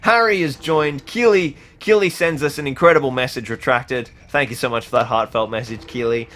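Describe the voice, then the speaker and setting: A man's voice: mid-range voice, fairly quick, a bit bright. A young man from Australia hosting a casual livestream, reading out chat with lots of fillers and laughter. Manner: rambling, laughs often, many fillers.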